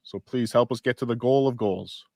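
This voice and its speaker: A man co-hosting a casual podcast, reading posts aloud in a wry, deadpan way. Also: medium pitch, normal speed, vocal fry, no room sound, studio quality. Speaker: podcast co-host.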